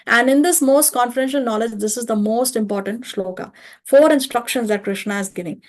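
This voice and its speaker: Casting: woman, slightly high voice, calm methodical class teacher. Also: fairly quick. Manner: patient, explains step by step with rhetorical checks. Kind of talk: online study-class lecture. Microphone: video call or home mic.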